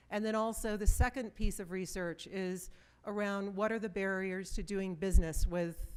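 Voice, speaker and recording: Clear-voiced woman giving a conference talk. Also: mid-range voice, darkish tone. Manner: conversational storytelling, direct questions to the audience. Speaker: conference speaker. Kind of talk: presentation to a live audience.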